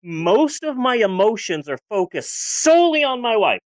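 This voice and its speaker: A woman's voice: a little high, sing-song, moderate pace, no room sound. Candid woman in her forties, dry sound. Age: 40s. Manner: candid, rambling, with frequent restarts. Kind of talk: casual podcast chat.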